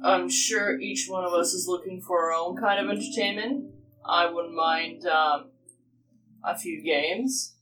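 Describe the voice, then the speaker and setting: A tabletop game player speaking casually and in character, quick and confident. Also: mid-range voice, music in the background, low-quality recording. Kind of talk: casual play and in-character lines.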